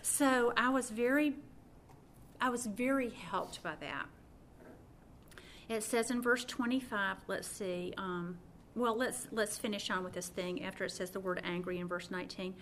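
A woman's voice: mid-range voice, measured pace, fairly bright tone, a little hiss or hum. A middle-aged woman teaching from the Bible in an earnest, personal way, often restarting her sentences.

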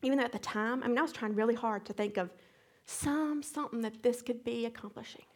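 A middle-aged woman teaching a Bible study, retelling a hectic day as an animated testimony with sound effects. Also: on the high side, quick pace.

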